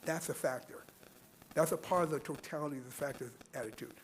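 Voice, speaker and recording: A fast-talking man with a voice on the high side gives public comment at a civic meeting, and a faint hiss or hum runs under the audio. At the podium microphone he pleads earnestly, repeating points and asking rhetorical questions.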